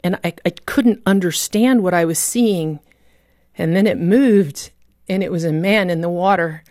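A woman's voice: lowish voice, a little slow, a little mellow, no echo, clean studio sound. A woman giving an earnest, emotional testimony of a personal story, with vivid storytelling. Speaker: guest telling a personal story.

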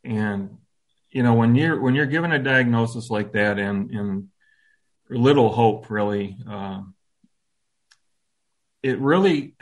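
A man in his fifties telling a personal story as an interview guest, reflective and halting, with soft self-deprecating humor. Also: fairly low pitch.

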